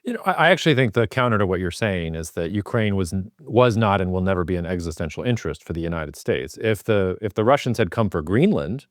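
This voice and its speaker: A man's voice: sits low, expressive, fast, hardly any pauses, dry recording, clean studio sound. A man co-hosting a podcast who debates casually and stammers on his sentence starts. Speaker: podcast co-host.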